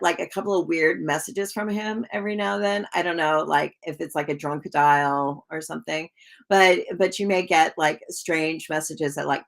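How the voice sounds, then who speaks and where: Woman doing live tarot readings, kinda low and gravelly, chatty with lots of likes and ums. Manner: chatty, warm to viewers, laughs often. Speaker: tarot reader.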